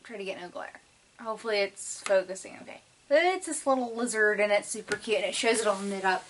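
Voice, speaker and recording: A woman's voice: medium pitch, fast talker, a bit bright, distant mic, a little hiss or hum, poor audio. A woman hosting a knitting video podcast, talking in a chatty, rambling way with lots of fillers. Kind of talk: casual chat.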